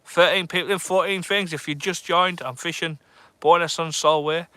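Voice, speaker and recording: A bright, lively-toned man chats to his live viewers from a dark shore at night, joking nervously and reading out their comments. His voice sits a little high for a man and comes through close and dry on a phone or camera mic, with almost no room sound. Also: normal speed, clean tone, no echo. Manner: chatty, nervous, jokey, reads out comments. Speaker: fishing vlogger streaming live. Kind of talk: casual live-stream chat to viewers. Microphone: phone or camera on a tripod.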